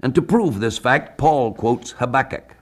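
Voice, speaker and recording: A man from the United States preaching a sermon on a Bible passage, measured, slowing down to read scripture aloud. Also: mid-range voice, expressive. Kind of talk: radio sermon, Bible exposition.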